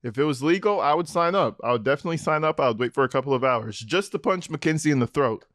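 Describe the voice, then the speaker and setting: Guy ranting over a clip, mocking and swearing, kinda high voice, bone dry sound. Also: lively intonation, fast, a bit bright, dry recording. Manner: mocking, sarcastic, swears a lot. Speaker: commentator reacting to police footage. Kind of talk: profane reaction commentary.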